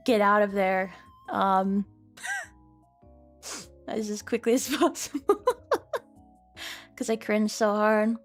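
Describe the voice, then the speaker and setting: A woman's voice: medium pitch, fairly bright tone. A woman streamer chatting casually on a livestream, laughing often, swearing and mocking herself. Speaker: VTuber streamer.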